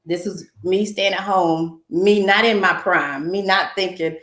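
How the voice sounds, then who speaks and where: A woman guest in a relaxed conversation, chatty and full of stories. Her voice carries a roomy echo around it. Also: lowish voice, measured pace. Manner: chatty, storytelling. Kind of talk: casual chat.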